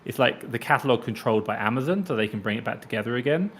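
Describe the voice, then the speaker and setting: Man, mid-pitch, casual live Q&A host, chatty, reads comments aloud, talks into a desk mic. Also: lively intonation, fast talker. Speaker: live stream host answering seller questions.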